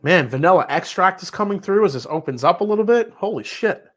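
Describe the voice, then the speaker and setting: A man's voice: high-pitched, lively intonation, quick pace, a bit bright. A man with a New York accent hosting a casual whiskey livestream, reading out viewer messages and chatting loosely, with casual swearing.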